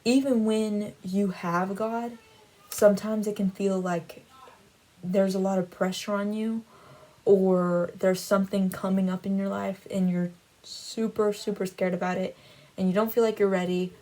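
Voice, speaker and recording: A woman's voice: medium pitch, steady tone, a little slow, warm tone, poor audio. A woman casually recounting a dream in a rambling way, with many "like" fillers, then drawing a faith lesson from it. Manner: rambling, heavy use of "like" fillers. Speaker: Christian vlogger.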